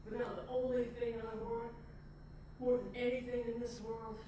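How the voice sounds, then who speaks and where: A woman plays a sentimental husband reading his wedding vows in a low, slow, hushed voice. He sounds earnest and tender. The sound comes from far off across an echoey stage, with noise underneath. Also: level tone, close to an everyday voice. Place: theater stage.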